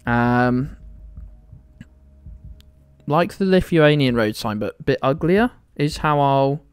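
A man's voice: mid-range voice, expressive, takes it slowly, smooth, no echo. A young British man streaming a game live, teasing his chat with playful indignation and mock outrage. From United Kingdom.

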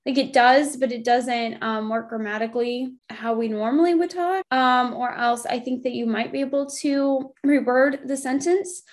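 A young woman with a fairly high voice explains a spiritual study lesson in a relaxed, conversational way. She thinks out loud as she goes, rewording her sentences with plenty of "um"s and self-corrections. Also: normal speed, hardly any pauses. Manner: thinks aloud, rephrasing with frequent "um" and self-corrections. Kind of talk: informal workbook lesson walkthrough.

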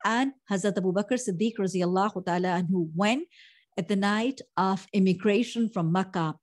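A middle-aged Quran teacher gives a lesson in a voice of ordinary female pitch with a darkish tone. She explains each verse at length, blending Arabic phrases into her English.

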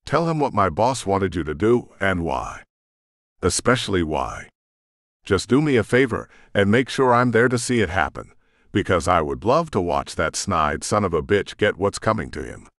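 A man's voice: low voice, sing-song, normal speed, a bit bright, dry recording, studio quality, exaggerated voice. Man voicing a sneering vengeful rogue shifter. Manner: sneering, taunting.

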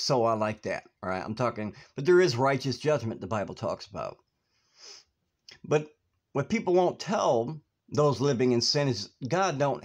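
A man from the United States hosting his own video, talking urgently and over and over saying "guys" and "okay", getting loud and high when worked up. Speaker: video host. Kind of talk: preachy casual vlog talk. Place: outdoors in northwest Ohio.

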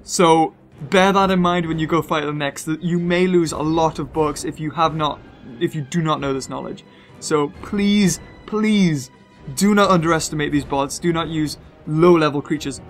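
A British man giving excitable gameplay commentary as a gaming video host, gushing and laughing between lines. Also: fairly high pitch, moderate pace, soft background music.

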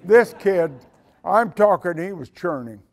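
An older man gives a speech as a retired military leader, telling a story in a lively way and acting out the dialogue. His voice sits fairly high for a man. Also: unhurried. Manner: animated storyteller who acts out dialogue. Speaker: retired senior enlisted leader giving a talk.

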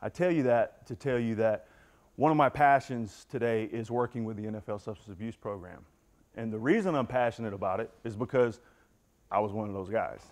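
A man's voice: fairly low pitch, fairly quick, a little mellow. A middle-aged man giving a candid personal recovery talk to a football team, telling his story and addressing the room directly. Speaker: motivational speaker.

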